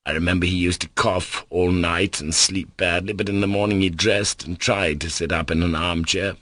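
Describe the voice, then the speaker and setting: Deep-voiced man reading an audiobook. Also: fairly even intonation, moderate pace, fairly bright tone, no room sound. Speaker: audiobook narrator. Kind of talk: scripted audiobook narration.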